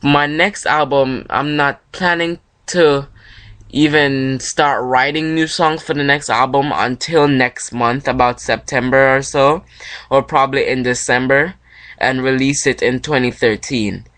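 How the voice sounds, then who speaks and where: A man's voice: medium pitch, fairly even intonation, measured pace, fairly bright tone. A young man from Jamaica hosting his own podcast, talking in a loose, rambling solo monologue with frequent self-corrections.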